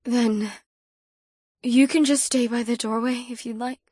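A woman voicing a shaken, shy young woman in an audiobook, soft and hesitant, often trailing off. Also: on the high side, fairly even intonation, a little slow, slightly rough, dry recording, studio quality. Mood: bashful. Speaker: audiobook voice actor. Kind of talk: dual-narration audiobook dialogue.

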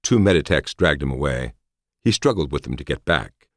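Very deep-voiced male audiobook narrator. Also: dry recording, clean studio sound. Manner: measured, expressive reading.

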